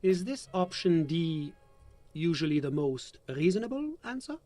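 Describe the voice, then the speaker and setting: An actor voicing a genial, persuasive male moralist in a video game, talking in a smooth, lecturing way. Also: a little high, big pitch swings, measured pace, dark tone. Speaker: game character. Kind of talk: voiced video game dialogue.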